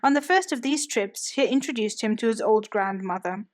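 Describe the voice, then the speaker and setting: A woman narrating a biography audiobook in a steady storytelling manner. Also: fairly high pitch, moderate pace. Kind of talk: scripted narration.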